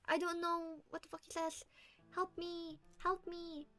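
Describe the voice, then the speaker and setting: A woman streamer in casual live-stream chat, hoarse, giggling and swearing often with playful mock menace. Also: very high voice, level tone, unhurried, sharp tone.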